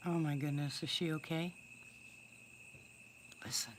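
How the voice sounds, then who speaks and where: A woman's voice: sits low, moderate pace, a little hiss or hum. A woman casually chatting with livestream viewers, greeting them by name and calling out whoops. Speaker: livestream host talking to viewers. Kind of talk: casual live chat outdoors. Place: outdoors in woods at night.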